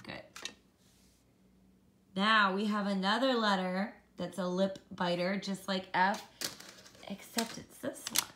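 A woman teaching a children's phonics lesson, slowly modelling letter sounds and encouraging the kids to copy her. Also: medium pitch, steady tone, a bit bright, slight background noise.

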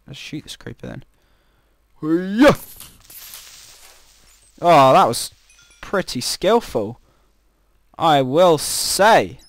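A man giving rambling, chatty commentary while playing a game, breaking into startled exclamations. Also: fairly high pitch. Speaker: gamer. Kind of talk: casual gameplay commentary.

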